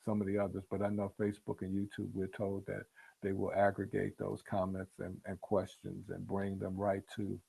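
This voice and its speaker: A man's voice: low-pitched, completely flat delivery, moderate pace, vocal fry, dark tone, husky. A man leading a spiritual book discussion in an earnest, repetitive teaching manner that builds to emphatic peaks. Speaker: book club leader.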